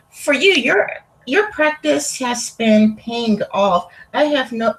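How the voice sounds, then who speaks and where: A woman's voice: a little high, low-quality recording. A woman hosting a casual livestream interview, rambling with lots of fillers. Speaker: interview host.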